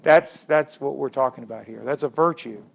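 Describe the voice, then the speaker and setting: A man's voice: mid-range voice, normal speed, vocal fry. A middle-aged man giving a public history lecture, stressing key words by repeating them and putting questions to his audience.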